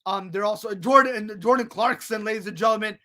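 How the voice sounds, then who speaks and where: A high-pitched man hosts his own sports podcast, talking off the cuff about scores and picks. He gets worked up, stumbles and restarts, and keeps calling his listeners "folks" and "ladies and gentlemen.". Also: fairly quick.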